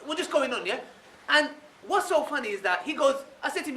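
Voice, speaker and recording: A man giving an animated religious lecture to a live audience, firing off rhetorical questions and checking in with the listeners again and again. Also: very high-pitched, fairly quick. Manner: animated, keeps asking rhetorical questions with a tag "yeah?". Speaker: Islamic speaker addressing an audience. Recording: echoey room, voice from far off, faint noise.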